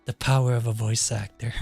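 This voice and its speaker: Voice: mid-range voice, husky. A streamer in casual chat, playful and teasing.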